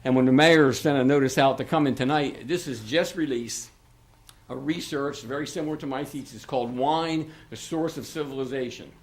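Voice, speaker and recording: A man's voice: mid-range voice, moderate pace. An older man, a local author, speaking informally at a township meeting in a rambling, chatty way with many restarts and asides. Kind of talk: informal public remarks at a meeting. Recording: echoey meeting room.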